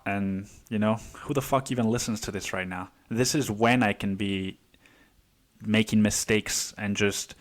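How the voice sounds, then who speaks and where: A man's voice: fairly low pitch, a bit bright. A man in his twenties hosting a casual solo podcast, rambling with heavy swearing and many restarts. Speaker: podcast host.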